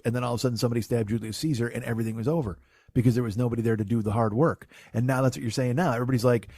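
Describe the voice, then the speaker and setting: A middle-aged man hosts a comedy podcast in a loose, profane chat, mocking himself and slipping into quick impressions of others. His voice sits at an ordinary middle pitch. The sound is dry and close, with no room around it. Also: a little mellow, no echo. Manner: profane, self-mocking, acts out voices in quotes. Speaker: podcast host. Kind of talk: casual comedy podcast banter.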